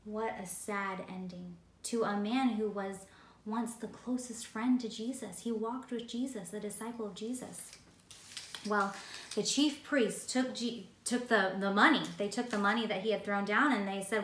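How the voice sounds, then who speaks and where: A woman teaching a Bible story lesson with animated, playful storytelling. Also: mid-range voice, unhurried, reverberant, recorded from a distance.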